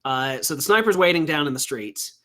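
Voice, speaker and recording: Halting, bright-voiced man narrating as game master. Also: fairly high pitch, lively intonation. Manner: halting, thinks aloud while describing scenes.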